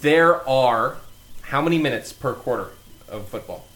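A man co-hosting a casual podcast in a relaxed, unhurried way, reading listener questions aloud. He swears offhandedly and keeps things loose. His voice comes close on a podcast mic. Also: medium pitch. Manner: laid-back, swears casually.

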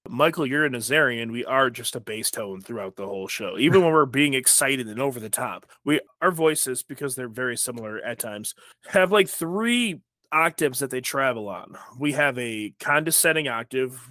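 Deep-voiced man with dry humor. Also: normal speed, no echo. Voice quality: deep booming voice. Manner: dry, deadpan humor, rambling asides. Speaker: podcast co-host. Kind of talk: casual chat.

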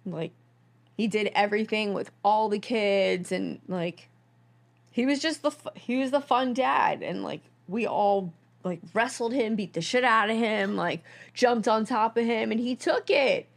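Gravelly-voiced woman telling a gushing story. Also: medium pitch, a little slow. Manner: gushing, filler-heavy storytelling. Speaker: podcast co-host. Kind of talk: casual chat.

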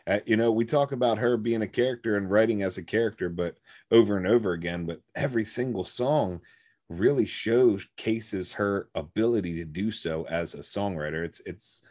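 A man's voice: on the low side, moderate pace, darkish tone. A man co-hosting a podcast, sharing his take on songs in casual chat, hesitant, with many fillers and restarts. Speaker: podcast co-host. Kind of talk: casual music review chat.

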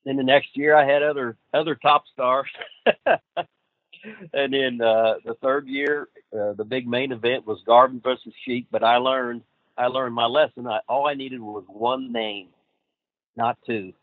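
A man who trains wrestlers, telling profane, animated road stories as a guest. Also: medium pitch, moderate pace, no room sound. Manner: profane, animated, laughs at his own stories. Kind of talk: casual storytelling interview. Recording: dry tinny phone-like line.

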